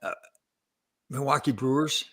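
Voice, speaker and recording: A man's voice: mid-range voice, measured pace. A middle-aged man from Canada hosting a casual show, rambling and correcting himself as he hunts for names. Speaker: show host, former hockey player. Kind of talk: casual live show chat.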